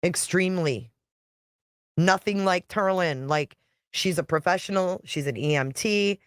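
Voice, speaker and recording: A woman's voice: fairly low pitch, measured pace, dry recording, clean studio sound. A woman YouTube creator talking casually on a live stream, chatty and blunt, reading viewer comments and swearing now and then.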